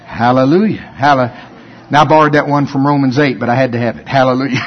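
A man's voice: medium pitch, steady tone, fairly quick, long pauses. A man preaching a sermon, fervently reciting scripture and repeating hallelujah. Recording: dull, reverberant hall recording.

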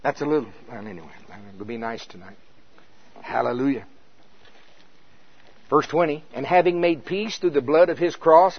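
This preacher's expository sermon alternates between reading scripture and halting mid-sentence to explain it, punctuated often by "Hallelujah." He has a fairly high-pitched voice, heard in lo-fi sound.

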